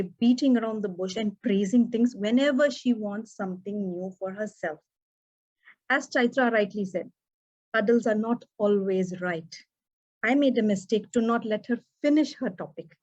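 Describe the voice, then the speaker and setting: Woman educator in her thirties, highish voice, expressive speech, dull lo-fi recording. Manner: expressive, acts out quoted dialogue. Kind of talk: prepared contest speech.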